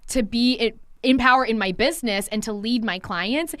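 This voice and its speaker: A woman's voice: a little high, moderate pace, fairly bright tone, no room sound, clean studio sound. Candid, swearing woman stylist. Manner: candid, swears freely, acts out past conversations. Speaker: hair stylist and coach. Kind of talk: casual podcast conversation.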